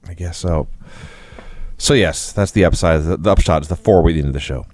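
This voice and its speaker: A man's voice: low voice, a little fast, darkish tone. A man co-hosting a casual podcast, recapping events with wry sarcasm. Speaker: co-host.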